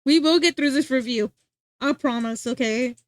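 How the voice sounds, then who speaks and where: A young woman streams and chats casually in a slightly high voice. She rambles, restarts her sentences and reacts to her chat. The sound is dry and close to the mic. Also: normal speed, dry recording.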